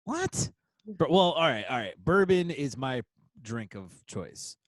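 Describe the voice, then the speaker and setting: A man hosting a casual podcast chat over a remote call, animated, laughing often and using many fillers. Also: medium pitch, measured pace, no echo. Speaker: podcast host.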